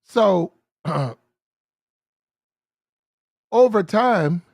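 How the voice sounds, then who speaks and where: A man telling a story in a casual, animated way, acting out the people in it and often clearing his throat. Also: high voice, drawn-out words, dry recording, studio quality.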